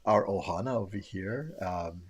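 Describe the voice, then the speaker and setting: A man's voice: deep voice, normal speed, crowd noise. A man hosting a podcast in casual chat, reading viewer comments aloud and laughing easily. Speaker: podcast host.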